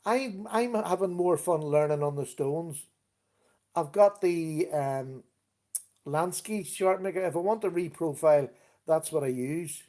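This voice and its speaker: A man's voice: on the high side, unhurried, warm tone. Chatty man hosting a live stream. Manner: chatty, greets viewers by name, easygoing. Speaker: livestream host. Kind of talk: casual live chat with viewers.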